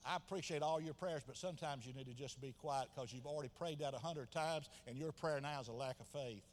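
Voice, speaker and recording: A man, preaching a sermon as pastor, swinging from quiet asides to loud shouted passages. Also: a little high, fairly quick, slight background noise. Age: 70s. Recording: long hall reverb.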